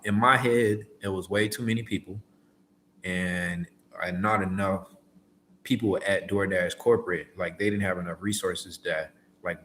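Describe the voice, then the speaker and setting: A man's voice: sits low, a bit bright, a little hiss or hum. A man in casual livestream chat, laid-back and slangy, answering viewers' questions as a delivery driver. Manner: laid-back, slangy, acts out phone calls.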